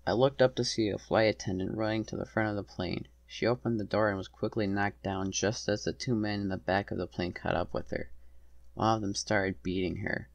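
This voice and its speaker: A man's voice: fairly low pitch, fairly even intonation, a little fast, gravelly, no echo, lo-fi sound. A man narrating a dramatized story in the first person, earnest and tense.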